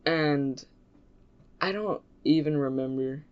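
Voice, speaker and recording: A man rambles through a casual storytime vlog, stopping and restarting with plenty of fillers. He speaks slowly, and the recording sounds dull and lo-fi. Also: on the high side, clean tone. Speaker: YouTuber.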